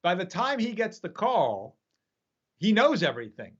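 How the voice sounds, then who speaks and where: Animated man telling a story over lo-fi audio. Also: high voice, moderate pace, husky. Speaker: magician and app creator. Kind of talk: casual storytelling. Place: home studio. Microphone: video call.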